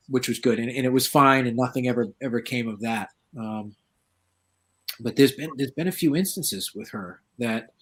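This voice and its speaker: A middle-aged man from the northeastern United States, a guest paranormal researcher telling stories casually and acting out the voices of the people he quotes. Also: mid-range voice. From southeastern Massachusetts, USA. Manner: lively, acts out quoted voices. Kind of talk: casual anecdotal storytelling.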